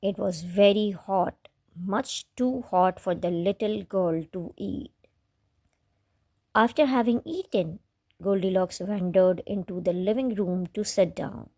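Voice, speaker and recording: A woman reading a children's fairy tale aloud in a gentle storybook manner. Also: medium pitch.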